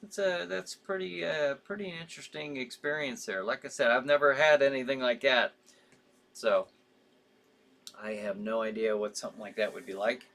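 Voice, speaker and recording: A man's voice: mid-range voice, fairly even intonation, normal speed, creaky, a bit bright. A man hosting a live show in casual chat, reading out viewer comments with sympathy, rambling with frequent fillers and easy laughs.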